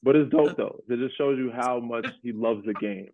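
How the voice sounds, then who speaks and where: A man's voice: medium pitch, moderate pace, no echo. A man hosting a podcast, chatting casually about basketball in a laid-back way, often laughing and repeating himself. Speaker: podcast host, former NBA player. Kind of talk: casual sports chat. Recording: tinny phone-like audio.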